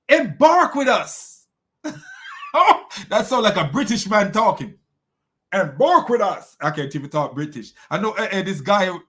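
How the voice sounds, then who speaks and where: A man's voice: on the high side, bright, forceful tone. A man hosting a critical commentary, talking in a mocking tone, laughing often and restarting his sentences. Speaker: host.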